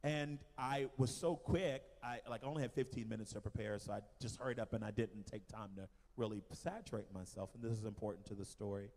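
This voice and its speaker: A man giving a church testimony about a mission trip, telling the story in an animated way with many fillers. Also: lowish voice, fairly quick, hardly any pauses. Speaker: missionary speaker. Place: church hall. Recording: long hall reverb.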